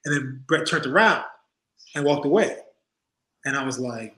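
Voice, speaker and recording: A man's voice: mid-range voice, moderate pace. A man guest, a former wrestler, telling casual stories and acting out the people in them, at a convention venue. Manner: animated, acts out the people in his stories. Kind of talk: casual storytelling. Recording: roomy echo.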